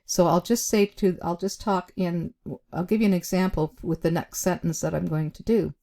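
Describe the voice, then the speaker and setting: This job skills instructor has a low, mellow, somewhat gravelly voice and keeps her tone steady as she coaches viewers on interviews. Her pace is deliberate, with stressed key words and short pauses, and she chats along with frequent "um"s.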